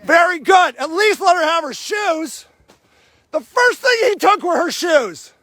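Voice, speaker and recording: A man livestreaming from an outdoor camp in the snow, shouting angry and sarcastic reproaches at people in front of him while filming on his phone. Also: extremely high pitch, animated, a little slow, dry recording. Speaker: activist filming a camp sweep. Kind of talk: livestreamed street confrontation.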